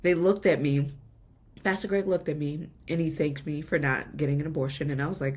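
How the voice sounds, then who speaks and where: Woman podcast host, low husky voice, earnest confessional testimony, emotional. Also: brisk, fairly bright tone. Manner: earnest and confessional, laughs between lines. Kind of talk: personal faith testimony.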